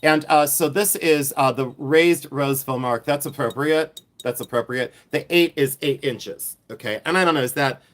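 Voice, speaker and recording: A man from Ohio hosting a live reseller stream, showing his finds and chatting with viewers in an excitable, repetitive, teasing way. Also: fairly high pitch, normal speed, few pauses. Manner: excitable, chatty, repeats himself, teases viewers. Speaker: reseller livestream host. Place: outdoors in the heat.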